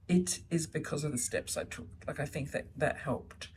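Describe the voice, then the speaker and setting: A woman's voice: low-pitched, normal speed, far from the mic, poor audio. A middle-aged woman talks casually to camera about her little ones, gushing and chatty. She sits a little back from the mic at home, with a faint hum of ambience behind her. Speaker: vlogger, solo mother. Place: home, indoors, baby asleep nearby.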